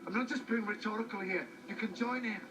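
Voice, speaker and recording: A man's voice: high voice, fast, noisy background, close to an everyday voice. An actor with a Scottish accent playing a freshly changed, eccentric male alien who rambles and jumps between thoughts. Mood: baffled rambling. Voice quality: rambling, excitable, jumpy. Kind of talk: film drama dialogue.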